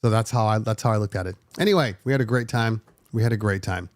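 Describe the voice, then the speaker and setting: A man's voice: fairly low pitch, fast, no room sound. Middle-aged male podcast host, dry close sound. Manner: animated, emotional retelling with many fillers. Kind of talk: casual storytelling.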